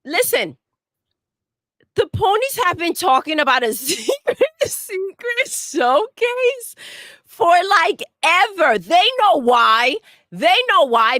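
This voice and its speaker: A woman co-hosting a gaming podcast with a high, bright voice, ranting brashly and swearing freely. Her pitch jumps around a great deal. The sound is dry and close. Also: lively intonation, measured pace, dry recording. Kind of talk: casual podcast banter.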